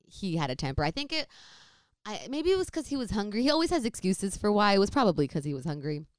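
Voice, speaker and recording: A young woman casually telling a family story in a rambling, animated way, full of fillers. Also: on the low side, smooth, no room sound, studio quality.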